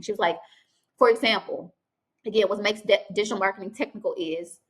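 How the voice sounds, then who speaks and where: Young woman vlogger, chatty storyteller, natural and animated. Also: medium pitch. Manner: animated, chatty, with quoted dialogue and restarts. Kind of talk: casual storytelling vlog.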